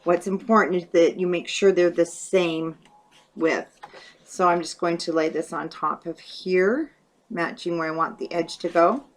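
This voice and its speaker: A woman's voice: lowish voice, fairly even intonation, measured pace. Chatty woman demonstrating a craft project. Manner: chatty, thinks aloud while working. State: hiccups. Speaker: craft tutorial host. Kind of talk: casual step-by-step craft demonstration.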